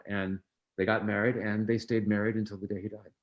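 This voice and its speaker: A man guesting on an interview, telling family anecdotes in a relaxed way, acting out quoted voices, with frequent ums and restarts. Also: fairly low pitch, a little fast, muffled recording. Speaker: interview guest, film producer. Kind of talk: storytelling in a conversational interview.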